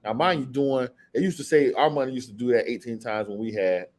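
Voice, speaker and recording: A man leading a casual scripture study, talking loosely and reading Bible verses slowly and deliberately. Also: medium pitch, darkish tone. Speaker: Bible teacher.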